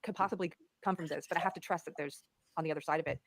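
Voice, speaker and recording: A woman's voice: deep voice, steady tone, no room sound. A woman speaking earnestly in conversational podcast talk, restarting her phrases often, on a close mic. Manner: fast, earnest, many restarts.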